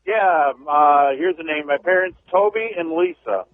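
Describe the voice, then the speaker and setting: A man's voice: on the high side, unhurried, no room sound. A man calling in to a radio show, giving brief, easygoing replies. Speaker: caller. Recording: tinny phone line.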